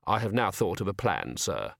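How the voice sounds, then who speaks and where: Young assassin, overly courteous and eerily calm, voiced by a male narrator; dry close mic. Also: deep voice, normal speed, vocal fry, no room sound, pitched below the performer's own voice, exaggerated voice. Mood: polite. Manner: soft-spoken, overly courteous, keeps saying sir.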